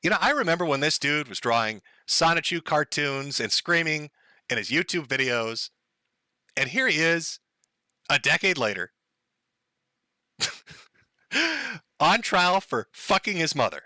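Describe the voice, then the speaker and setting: A man's voice: on the high side, very animated, measured pace, pauses often, sharp tone, no room sound. A man hosting a livestream, talking in a crude, sarcastic and mocking way. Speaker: livestream host. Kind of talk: casual livestream commentary.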